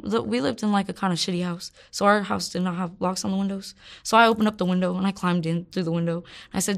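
A woman's voice: medium pitch, fast, creaky. A woman in her twenties frankly telling her life story in an interview, rambling with many fillers and curse words. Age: 20s. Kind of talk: candid personal storytelling.

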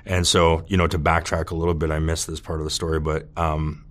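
A man openly telling his own recovery story, earnest and halting, with many restarts and "you know.". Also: very deep voice, level tone. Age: adult with children. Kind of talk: candid personal testimony.

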